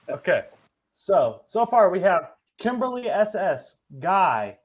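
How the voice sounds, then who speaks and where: Slow-talking man on a muffled online link. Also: sits high, breathy edge. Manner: slow, halting over a bad connection. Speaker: co-host reading giveaway names. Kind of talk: casual livestream chat. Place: home, on a weak internet link. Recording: muffled lo-fi internet audio with faint music.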